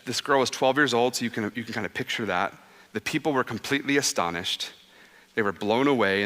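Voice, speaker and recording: 30s guy pastor preaching, chatty storyteller, bright voice, big echoey church. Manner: conversational, animated storytelling; drops soft and low for quoted words. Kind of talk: sermon. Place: church sanctuary. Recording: long reverb of a church hall.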